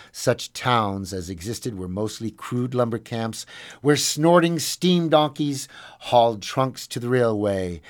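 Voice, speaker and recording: Folksy man reading a story aloud. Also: medium pitch. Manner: folksy, playful ad-libs between read passages. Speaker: radio host reading a book aloud. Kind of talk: reading aloud with casual asides.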